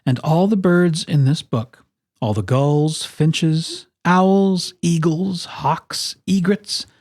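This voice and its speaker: A storyteller reading a children's picture book aloud, with expressive, playful emphasis on its lists. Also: mid-range voice, slow, no room sound, studio quality.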